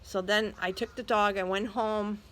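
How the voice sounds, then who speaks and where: A woman's voice: medium pitch, steady tone, moderate pace, rough recording. An older woman vlogger telling a story casually and chattily, speaking straight to her viewers.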